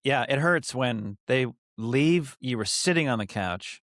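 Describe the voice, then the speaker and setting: A male podcast guest tells stories in lively, casual chat and laughs easily along the way. His voice sits at an average pitch for a man. The recording is dry, with no room echo. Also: measured pace. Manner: animated storyteller, laughs easily.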